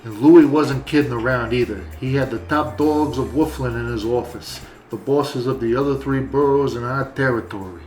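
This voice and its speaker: A man plays a gruff German Shepherd mob father narrating a cartoon noir with deadpan wisecracks. His voice sits at an ordinary middle pitch and carries a roomy echo. Faint music plays underneath. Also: close to an everyday voice. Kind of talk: hard-boiled comedic narration.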